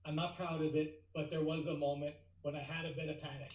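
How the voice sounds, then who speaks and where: A middle-aged man telling a tall tale as a guest speaker, lively and building to excited outbursts. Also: fairly high pitch, fast talker, echoey room, rough recording.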